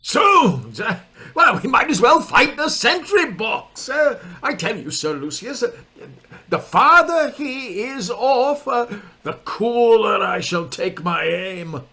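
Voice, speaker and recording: A man's voice: very high-pitched, sing-song, takes it slowly, sharp tone, breathy edge, exaggerated voice. A man playing a nervous, stammering squire. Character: cowardly young country squire. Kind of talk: stage comedy acting.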